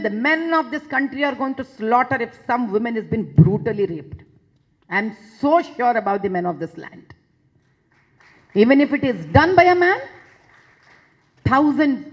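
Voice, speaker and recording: A woman's voice: fairly high pitch, expressive, measured pace, pauses often, low-quality recording. A woman with an Indian English accent giving an impassioned public talk, emphatic and repeating phrases for force. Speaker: public speaker addressing a session.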